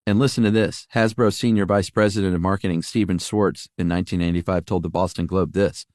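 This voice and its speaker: Laid-back low-voiced man, dry mic. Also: steady tone, fairly quick, few pauses, darkish tone, no room sound. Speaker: podcast co-host. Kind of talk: casual chat.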